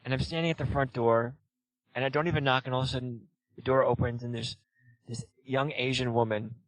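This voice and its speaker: A man's voice: mid-range voice, fairly even intonation, fairly quick, no echo, poor audio. A man spins a long personal story in loose, casual talk. He rambles, leans on "you know" and "like", and acts out what everyone said. His voice sits close and dry, with almost no room sound. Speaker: guest.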